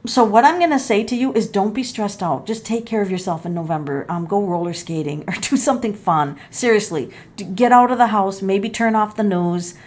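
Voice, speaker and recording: A woman's voice: mid-range voice, a little fast, few pauses, darkish tone. A middle-aged woman doing a casual tarot reading for her viewers. She thinks aloud, exclaims and gasps at the cards, and calls her viewers folks. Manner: talks straight to viewers as folks. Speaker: tarot reader and numerologist.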